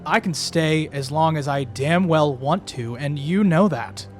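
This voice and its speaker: A man's voice: on the high side, a little slow, faint music behind, natural voice. A man playing an arrogant wealthy man who talks down to others in a smug, domineering way.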